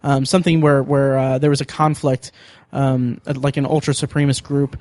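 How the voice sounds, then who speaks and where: Excitable rambling podcast host, a man. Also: mid-range voice, a little fast, dry recording, clean studio sound. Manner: rambling, excitable, many fillers and restarts. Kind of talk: casual chat.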